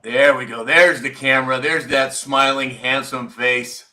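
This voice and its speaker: A man's voice: mid-range voice, steady tone, measured pace, pushed and bright. A man hosting a casual morning live stream, greeting viewers by name and teasing them. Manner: chatty, teasing, reads out viewer names. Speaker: live show host.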